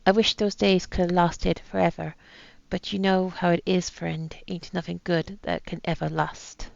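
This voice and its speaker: A woman voicing a dying, boastful old male pirate captain in a put-on rough pirate accent, reading his journal aloud. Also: fairly low pitch, flat delivery, normal speed, a little mellow, no room sound, highs cut off.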